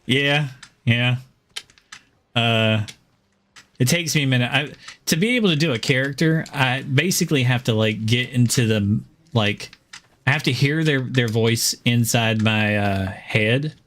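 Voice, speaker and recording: Chatting during a game stream, a man from the American South with no trace of a Southern accent rambles along, chuckles a lot and fills gaps with filler words. His medium-pitched voice is unhurried and slightly bright.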